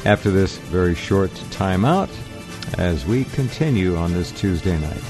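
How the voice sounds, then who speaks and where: A radio host with a low voice keeps his guest moving briskly along. Faint music sits under him in the studio. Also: animated. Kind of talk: talk radio hosting.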